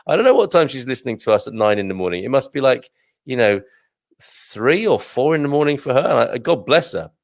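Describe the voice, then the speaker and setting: A man's voice: mid-range voice, very animated, fairly quick, no room sound, studio quality. A British man hosting a livestream, chatting casually and rambling as he reads out viewer comments, often chuckling at himself. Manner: rambling, chuckling, self-deprecating. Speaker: livestream host. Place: small studio.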